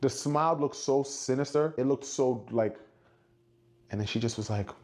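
A man's voice: moderate pace, a little mellow. Man telling a wild story. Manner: acts out quotes, shifts pitch for dialogue. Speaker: storyteller in a played clip. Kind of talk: animated storytelling.

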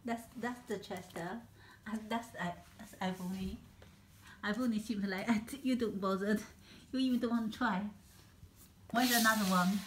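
A woman's voice: medium pitch, steady tone, moderate pace, echoey room. A woman filming her puppies at home, coaxing and chatting to them in a sing-song way with frequent laughter. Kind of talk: casual home video chat, talking to puppies. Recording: home video with clear background noise.

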